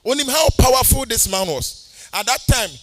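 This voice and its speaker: A man's voice: extremely high pitch, lively intonation, normal speed, fairly bright tone, faint music behind. A male pastor with a Ghanaian accent, preaching a sermon in a sing-song cadence and mixing English with Twi.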